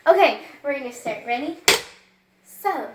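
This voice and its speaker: A young woman in a comedy sketch, playing a teacher who spells out words slowly with exaggerated patience. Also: sits high, expressive, reverberant, heavy background noise. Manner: exaggerated, patient-then-exasperated teacher delivery, stretches out words.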